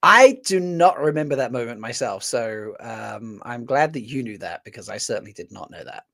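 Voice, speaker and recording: A man hosting a live after-show stream, relaxed and chatty, reading out viewer comments while working his screen. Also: medium pitch, moderate pace, vocal fry. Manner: relaxed, reads chat comments aloud, talks while doing tasks on screen. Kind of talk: casual live-stream chat.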